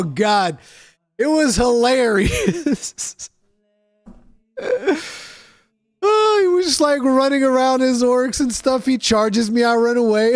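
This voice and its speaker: A man casually chatting on his stream while building models, his voice nasal and stuffy from allergies, telling stories in an animated, swearing way. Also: very high-pitched, no echo. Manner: animated, profane storytelling.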